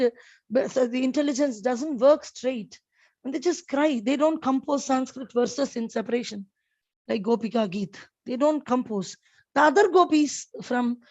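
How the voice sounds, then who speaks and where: A woman's voice: high voice, a little mellow, lo-fi sound. A woman giving a devotional scripture class, telling stories with many fillers and restarts. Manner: storytelling with frequent fillers and restarts.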